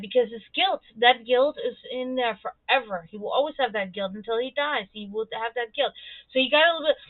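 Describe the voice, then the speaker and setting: A woman streamer rants in a casual, profane, animated way. Her voice sits a little high and sounds close and dry. The audio is thin and phone-like. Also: no echo. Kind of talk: casual opinionated monologue.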